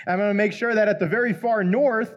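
A man gives a relaxed, conversational sermon, retelling an old story in everyday language. His voice sits a little higher than most men's. He slips into the lines of the characters as he goes. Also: muffled recording. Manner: conversational, acts out the characters' lines in quick asides. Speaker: preacher.

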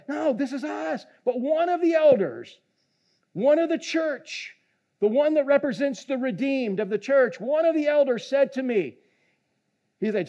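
Animated high-voiced man preaching. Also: normal speed, highs cut off. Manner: animated preaching, swings from hushed to shouting, jokes with congregation. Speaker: pastor. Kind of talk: sermon.

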